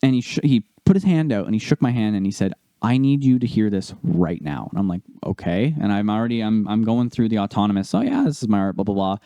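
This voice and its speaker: A young man co-hosts a casual podcast and tells a personal story in an animated way, acting out each person he quotes. His voice is low-pitched and mellow, recorded dry and close to the mic. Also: fast talker, hardly any pauses, no echo. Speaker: podcast co-host.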